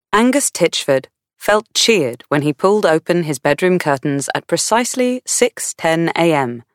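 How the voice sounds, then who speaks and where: A woman's voice: fairly low pitch, no room sound, studio quality. Woman reading an audiobook. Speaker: audiobook narrator. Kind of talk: scripted narration.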